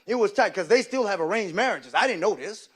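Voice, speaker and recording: A man doing live stand-up comedy, telling animated stories and slipping into loud character voices. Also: sits high, fairly quick, husky.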